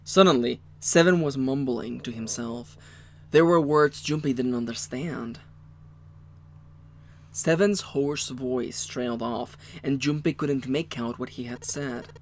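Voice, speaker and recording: A man co-hosting a let's play, reading the game's narration aloud with quick joking asides. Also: mid-range voice, slight background noise.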